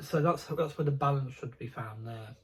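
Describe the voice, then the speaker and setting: A man's voice: mid-range voice, normal speed, breathy edge, poor audio. A young man chatting casually about his model railway hobby, rambling and digressive with many ums and restarts.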